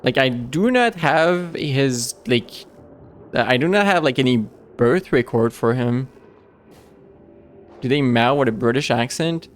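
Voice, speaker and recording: A man's voice: medium pitch, animated. A man streaming a game live, chatting casually and rambling with many restarts and fillers. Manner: rambling, halting with frequent restarts.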